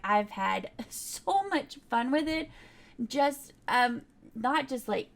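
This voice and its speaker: A young woman, chatting casually in a rambling voiceover over her game build, full of fillers and little laughs. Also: a little high. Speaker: game builder narrating a speedbuild.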